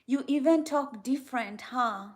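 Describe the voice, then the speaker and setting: A young woman talking to viewers on a casual livestream, friendly and easy to laugh. Her voice sits a bit high, and she takes her time with unhurried, drawn-out phrases. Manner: chatty, laughs easily, talks to viewers. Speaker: livestream host.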